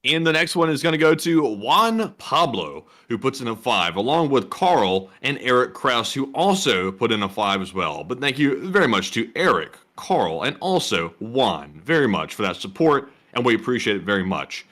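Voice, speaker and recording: A man's voice: medium pitch, big pitch swings, moderate pace, hardly any pauses, fairly bright tone. A man co-hosting a livestream, reading out viewer messages in a casual, joking way. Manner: jokey, reads messages aloud. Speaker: livestream co-host reading super chats.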